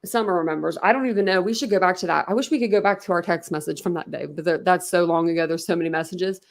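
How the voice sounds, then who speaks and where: Woman livestreaming from home, gravelly fry in her voice, rambly chat w viewers. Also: on the low side, quick pace. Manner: chatty, reads and answers viewer chat. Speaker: true crime livestream host.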